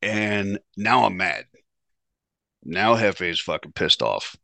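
A man tells a raw personal story on his own show, swearing freely and acting out his old lines. His voice sits deep and low but carries a bright, forceful edge. The sound is dry and close, with no room around it. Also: slow pace, vocal fry, dry recording. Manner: profane, animated, acts out his own past lines. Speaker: podcast host telling his life story. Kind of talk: candid storytelling monologue.

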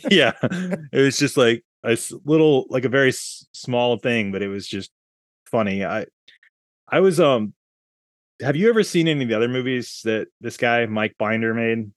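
A man's voice: mid-range voice, moderate pace, dry recording, studio quality. A man hosting a casual movie podcast, talking in a rambling way and laughing as he speaks. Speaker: podcast host.

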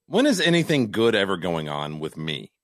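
A man co-hosting a podcast, rambling and self-deprecating, with halting restarts. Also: low voice, wildly swooping pitch, fairly bright tone, no room sound, studio quality. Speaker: podcast co-host. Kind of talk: casual podcast banter.

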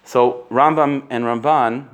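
A man giving a casual Torah class, animated and full of restarts, sprinkling in Hebrew and Yiddish terms. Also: mid-range voice, slow. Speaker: Torah teacher.

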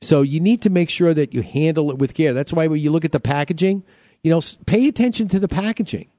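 Chatty radio host with a mellow voice. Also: male voice, a little high, fast talker, no room sound, studio quality. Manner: chatty, repeats himself, joking. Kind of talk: casual radio talk.

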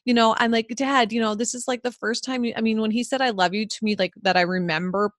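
A woman's voice: on the high side, fairly even intonation, quick pace, no echo, studio quality. Effusive, emotional woman podcast host. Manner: effusive and emotional, with lots of "like" and "you know". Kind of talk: conversational podcast chat.

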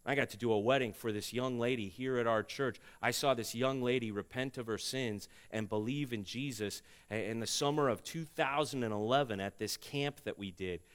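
Earnest pastor preaching, loud peaks. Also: male voice, medium pitch, moderate pace, few pauses. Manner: earnest, building to loud emphatic peaks, then hushed and tender. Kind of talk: sermon with closing prayer. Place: church sanctuary.

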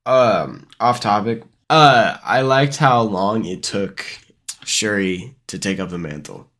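A man's voice: fairly low pitch, expressive, slow pace, fairly bright tone. A man co-hosting a casual movie review podcast, laid-back and joking in short replies. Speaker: podcast co-host.

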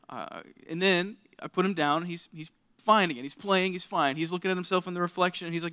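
A man's voice: steady tone, a little fast, fairly bright tone, clean tone. A young man preaching to a college group, casual and chatty, acting out parts of his story. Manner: casual, storytelling, acts out scenes with rising pitch. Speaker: pastor. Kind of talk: sermon. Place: lit stage before a college group.

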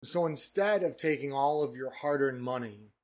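A man co-hosting a casual podcast, joking crudely and riffing into loud mock sales pitches. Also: normal speed. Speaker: podcast co-host. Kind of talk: casual chat.

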